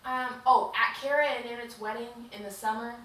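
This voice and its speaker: Here a woman on the high side of the range speaks at normal speed with fairly even intonation and a fairly bright tone. As a podcast co-host, she casually recaps a book in rambling, chatty storytelling peppered with "like." It's recorded in a very echoey room on a distant mic, with a faint hiss underneath.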